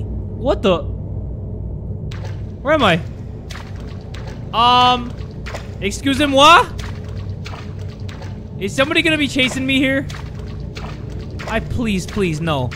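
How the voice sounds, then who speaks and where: A young man playing a horror game on video. He narrates it with comic panic, swears a lot and yells when scared. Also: on the high side, big pitch swings, a little slow, pauses often, slight background noise. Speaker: gaming YouTuber. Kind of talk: let's play commentary.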